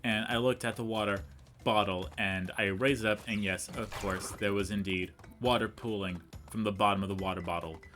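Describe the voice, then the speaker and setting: Young man, low voice, casual gameplay commentary, rambling, self-mocking, faint music behind. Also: fairly even intonation, brisk, a bit bright. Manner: rambling storyteller, chatty and self-mocking, talks to the game. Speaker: let's play commentator.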